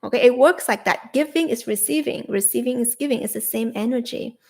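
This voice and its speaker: A young adult woman hosting a live-streamed spiritual coaching talk, leading soothing repeated affirmations with bursts of excitement. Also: on the high side, a little fast, creaky.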